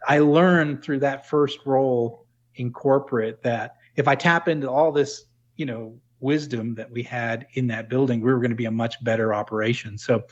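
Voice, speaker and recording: A middle-aged man from New England talks with no regional trace, speaking at a mid pitch. He is thoughtful and loose, restarting sentences as he goes. The line sounds slightly dull and lo-fi. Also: fairly even intonation, moderate pace. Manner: reflective, full of restarts and "you know". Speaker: podcast guest. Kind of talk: casual interview talk.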